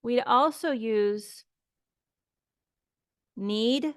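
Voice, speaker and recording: A woman's voice: a little high, drawn-out words, no echo, studio quality. A woman teaching an English grammar lesson, explaining patiently and repeating example phrases to model pronunciation.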